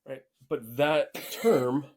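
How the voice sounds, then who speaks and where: A man hosting a podcast, telling a story in a relaxed, rambling way with frequent restarts. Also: medium pitch, slow pace, a little hiss or hum. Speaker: podcast host. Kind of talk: casual conversational storytelling.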